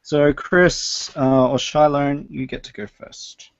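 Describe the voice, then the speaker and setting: Slow gravelly man running a game. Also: fairly high pitch, steady tone, no echo, dull audio. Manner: hesitant, many fillers. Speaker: game master. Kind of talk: narrating a tabletop game.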